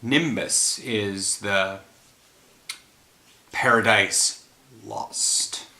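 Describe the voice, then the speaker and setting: A man's voice: lowish voice, extremely slow, bright, forceful tone. A tired man after a run, hosting a casual chat about films and rambling, often trailing off mid-thought. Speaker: host. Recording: roomy echo.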